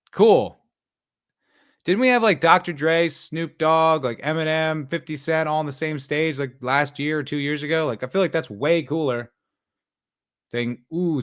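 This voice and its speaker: Male podcast host, young adult, slightly high voice, sarcastic rambling solo commentary.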